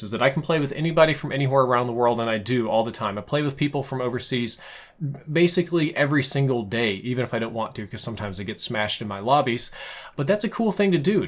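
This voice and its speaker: A man giving opinionated, conversational gaming commentary, ranting casually with frequent restarts. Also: medium pitch. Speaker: gaming YouTuber. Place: home setup, in America.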